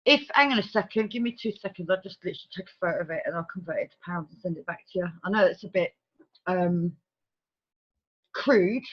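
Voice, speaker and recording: A woman hosting a team training over a video call, talking in a brisk, chatty, organizing way. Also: lowish voice. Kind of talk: casual online meeting talk. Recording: dull video-call audio.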